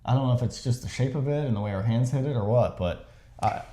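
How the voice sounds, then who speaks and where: Man, photography host, rambling casual chat, warm mellow tone, roomy echo. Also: medium pitch, quick pace. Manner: rambling, chatty, many fillers.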